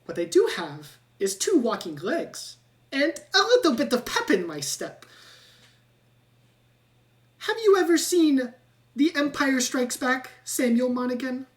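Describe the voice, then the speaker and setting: An eccentric male rat scientist, shady and desperate for a friend, squeaking through his lines, as a woman acts him out. His high voice leaps all over the place and sounds a little distant from the microphone. He fits a tabletop fantasy game. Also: sing-song, a little slow, long pauses. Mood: chummy.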